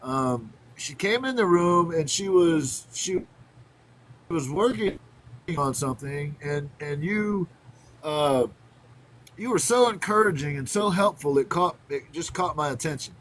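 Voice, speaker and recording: A man's voice: fairly high pitch, expressive, measured pace, a bit bright, slight background noise, rough recording. A man hosting a casual interview, easygoing and agreeable as he shares his own experiences.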